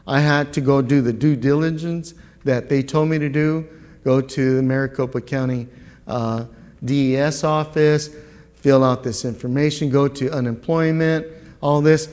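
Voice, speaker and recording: A middle-aged man giving a spoken church testimony, earnest and halting, often repeating his words. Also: medium pitch, steady tone, a little mellow. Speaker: guest speaker giving a testimony. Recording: long reverb of a large hall.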